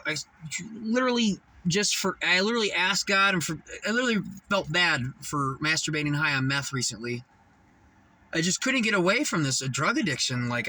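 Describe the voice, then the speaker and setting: A man's voice: fairly high pitch, pushed and bright, distant mic, low-quality recording. A man in a casual confessional monologue, rambling and profane, emphatic, with restarts and bursts of laughter.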